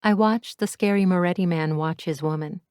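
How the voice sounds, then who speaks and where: A woman reads a first-person romance audiobook with a candid, self-mocking wit. Her voice is somewhat low, and the recording is dry with no room sound. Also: normal speed, darkish tone, clear, resonant tone, no room sound. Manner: wry, candid, self-deprecating. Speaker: audiobook narrator.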